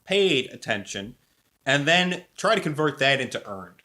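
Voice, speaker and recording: Brief: male co-host, bright forceful tone, emphatic, repeats his points. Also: mid-range voice, sing-song, measured pace. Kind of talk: casual conversation.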